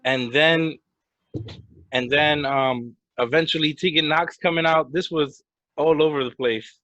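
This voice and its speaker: Guy casually running through match results, a bit high voice, dull lo-fi mic. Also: steady tone, unhurried, bright, forceful tone, no room sound. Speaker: podcast co-host. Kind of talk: casual wrestling review chat. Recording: slightly dull lo-fi sound.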